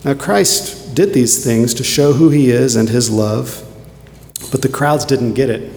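A man preaching a sermon earnestly, moving between quiet reflection and emphatic points. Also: mid-range voice, measured pace, a little hiss or hum. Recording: echoey hall with faint ambience.

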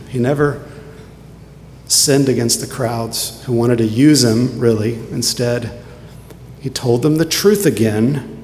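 A man preaching a sermon earnestly, moving between quiet reflection and emphatic points. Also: medium pitch, vocal fry, a little hiss or hum. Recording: echoey hall with faint ambience.

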